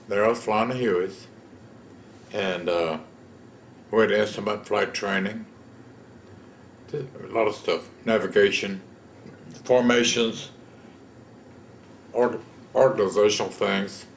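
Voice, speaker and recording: In an oral history interview, a veteran from Texas in his 70s recounts his life in folksy, plain-spoken terms. His voice sits on the low side, and the recording is reverberant with a bit of background noise.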